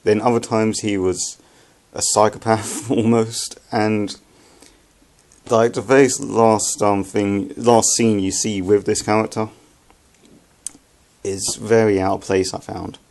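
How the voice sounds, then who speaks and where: A young man with a low, gravelly voice talks through a film review in a loose, unscripted way. He stumbles, restarts and fills his pauses with ums as he talks. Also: little pitch movement, a little mellow. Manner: halting, many fillers and restarts. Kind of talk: casual spoken film review.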